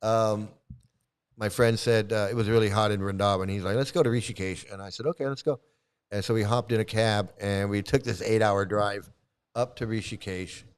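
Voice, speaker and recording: Halting, low-voiced man telling a story. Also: level tone, clean tone. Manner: halting, with many restarts and repeated phrases. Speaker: vlogger recounting past experiences. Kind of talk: casual spoken storytelling.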